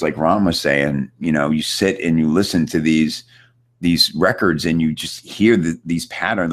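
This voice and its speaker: A man with a remarkably deep, low voice hosts a live online coaching chat. He talks in a loose, upbeat way, full of fillers, and speaks to viewers from his computer. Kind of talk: casual coaching chat, reading viewer questions. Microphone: computer setup with screen share.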